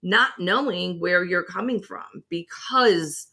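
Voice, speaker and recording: Emphatic woman co-host with a bright voice. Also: on the low side, takes it slowly, gravelly, husky. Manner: emphatic, animated storytelling. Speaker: podcast co-host. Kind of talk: casual conversation.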